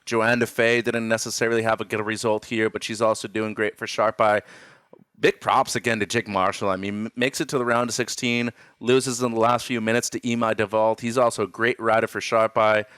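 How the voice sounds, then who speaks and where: A man's voice: on the low side, little pitch movement, brisk, a bit bright, clear, resonant tone, no echo, clean studio sound. A man giving casual analysis as co-host, upbeat and rambling with fillers.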